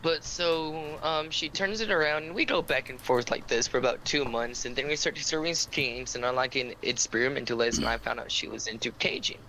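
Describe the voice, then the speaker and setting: A man with a gravelly, fry-edged voice and a bright, forward tone tells a long, rambling story on a casual podcast. His sentences are full of fillers and restarts. When teased, he trips over his words. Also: medium pitch, fairly even intonation, fairly quick, few pauses, a little hiss or hum, rough recording. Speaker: podcast co-host.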